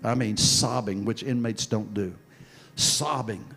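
A man preaching a sermon and telling a story from his own past, dropping soft and low, then building to loud, forceful preaching. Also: fairly even intonation, a little slow, faint music behind. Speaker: pastor. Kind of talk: sermon with personal testimony.

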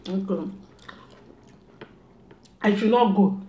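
A woman's voice: mid-range voice, takes it slowly, warm tone, echoey room, dull audio. A young woman, speaking to her son at home in a scolding, repetitive way as part of a prank. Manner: scolding and repetitive, mock-stern. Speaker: mother and vlogger. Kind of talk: casual family prank talk.

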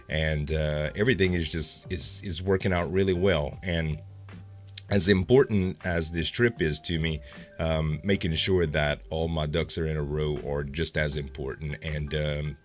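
A young man, vlogging casually to his viewers in a rambling, upbeat way with lots of fillers. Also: very deep voice. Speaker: gaming YouTuber. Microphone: facecam.

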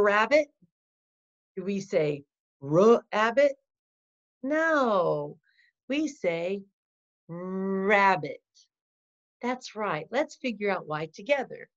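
Female teacher, low-pitched, encouraging, children's reading lesson. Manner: patient, encouraging, models sounds slowly. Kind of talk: slow instructional lesson for children. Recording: dull lo-fi sound.

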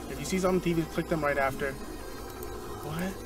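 A young man hosting a gaming channel, giving excitable, easily frustrated commentary while he plays. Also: on the high side, quick pace, over music. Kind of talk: let's-play commentary.

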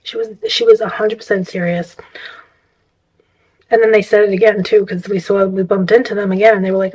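A woman's voice: mid-range voice, fairly even intonation, a little fast, darkish tone, slightly rough, rough recording. A woman vlogger telling a story in casual, rambling chat, exasperated and full of restarts.

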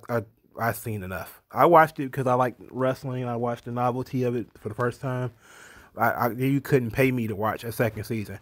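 A man's voice: medium pitch, no echo. Blunt sarcastic man, dry close mic. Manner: blunt, sarcastic and dismissive, with frequent restarts. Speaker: online commentary host. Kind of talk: casual solo commentary.

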